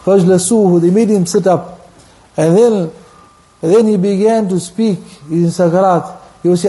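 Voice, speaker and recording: A man preaching a sermon in impassioned storytelling style, mixing English with Arabic phrases and quick bursts of recitation. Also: high-pitched, warm tone.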